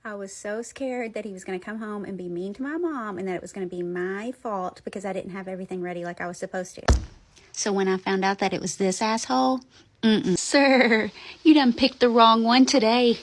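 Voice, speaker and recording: Animated woman telling ghost stories. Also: mid-range voice, brisk. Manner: animated, blunt, swears freely. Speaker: paranormal storyteller. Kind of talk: casual storytelling.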